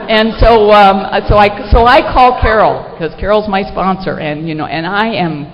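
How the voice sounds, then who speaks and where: A middle-aged woman sharing a personal story with an audience at a recovery meeting, in an animated, self-mocking way with lots of fillers. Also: medium pitch, normal speed, hardly any pauses, some chatter behind. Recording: echoey hall, dull lo-fi sound, faint noise.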